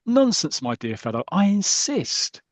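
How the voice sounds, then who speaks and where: Brief: cheery upper-class millionaire in a comic story, plummy and breezy, put on by a man, raised pitch. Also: wildly swooping pitch, measured pace, no echo, full character voice. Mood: jovial. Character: posh, breezy millionaire male club owner.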